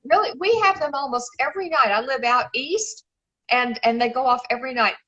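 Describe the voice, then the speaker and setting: The highs are cut off in this recording of a brisk woman whose voice sits high and sounds a bit bright. A middle-aged shoe designer from Memphis, Tennessee, USA and a regular guest, she chats effusively on a casual live stream, calling people darling.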